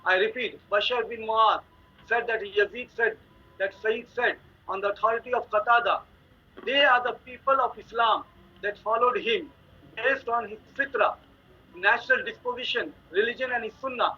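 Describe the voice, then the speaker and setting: High-pitched guy reading out citations in a debate, lo-fi and a bit noisy. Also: moderate pace. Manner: steady, repeats citations. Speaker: Muslim debater. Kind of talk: religious debate, quoting commentaries. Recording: dull lo-fi audio with faint noise.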